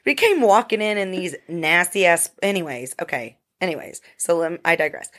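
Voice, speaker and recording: Lady cohost, kinda low voice, blunt and swears a lot, animated storytelling. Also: normal speed. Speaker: podcast co-host. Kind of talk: casual storytelling chat.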